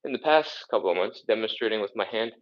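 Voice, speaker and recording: A man's voice: on the low side, expressive, fast talker, highs cut off. A man coaching a live follow-along stretching workout, counting reps and out of breath as he exercises. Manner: counts reps aloud, casual and encouraging, sighing between moves. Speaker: fitness instructor.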